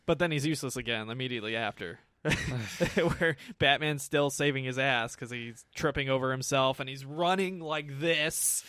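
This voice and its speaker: A man's voice: medium pitch, normal speed, bright, forceful tone, clear, resonant tone, no room sound, clean studio sound. Profane ranting man reviewing a film. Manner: profane, ranting, laughs often. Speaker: movie review host. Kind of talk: casual film review chat.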